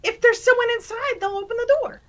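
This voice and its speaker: A woman's voice: very high-pitched, fast, a little hiss or hum, rough recording. A woman player in a tabletop game, playfully describing her character's actions. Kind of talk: casual tabletop play.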